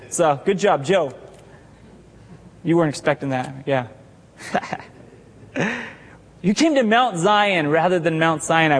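High-pitched male pastor, humorous sermon style with rising shouts, recorded in a reverberant sanctuary. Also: husky. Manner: joking, teases congregation members by name; builds to emphatic shouted declarations. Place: church sanctuary with congregation. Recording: long hall reverb.

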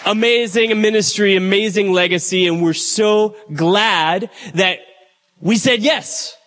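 A man's voice: high-pitched, slow pace, fairly bright tone, a little hiss or hum. A man, the church's pastor, chatting to the congregation as he introduces a guest speaker. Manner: conversational, addresses the crowd directly.

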